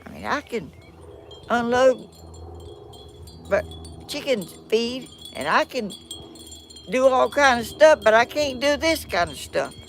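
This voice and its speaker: A woman's voice: on the high side, big pitch swings, slow pace, pauses often, slight background noise. An older woman with a Southern American accent, hosting a live stream from outdoors and talking in a flustered, self-deprecating, folksy way while she struggles with her phone and tablet. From Georgia, United States. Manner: folksy rural speech. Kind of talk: casual live-stream chat. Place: outdoors in the sun.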